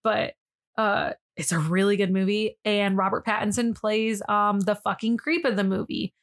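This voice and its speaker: This young woman, co-hosting a podcast, casually narrates a piece of history with plenty of "like" thrown in. She talks at a moderate pace in a mid-range voice with fairly even intonation.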